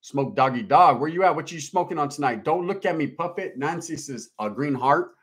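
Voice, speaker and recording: Reading his chat out loud, this middle-aged livestream host sounds laid-back and streetwise, full of slang. His voice sits a little high, expressive and slightly rough, at an ordinary speed.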